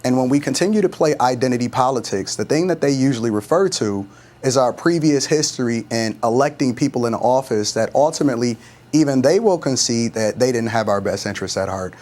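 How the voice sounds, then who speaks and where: A man's voice: medium pitch, animated, fairly quick, darkish tone. A man speaking as a guest on a television panel in an earnest, emphatic way.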